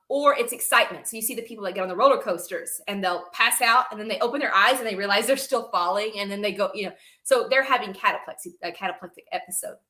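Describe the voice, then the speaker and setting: A young woman, a reptile breeder appearing as a podcast guest, tells stories animatedly in a casual chat and laughs often between sentences. Her voice is mid-range with a sharp tone.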